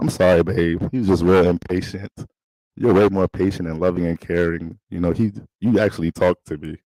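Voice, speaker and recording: A man's voice: sits low, a little fast, darkish tone, no room sound, rough recording. A man performing a comedic astrology sketch monologue, playful and switching between character voices.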